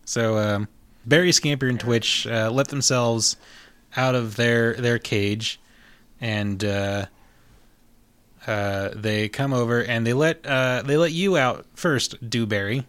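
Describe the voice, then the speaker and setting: Halting laid-back game master, a man. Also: medium pitch, clear, resonant tone. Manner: relaxed, halting, many fillers. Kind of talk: narrating a tabletop game.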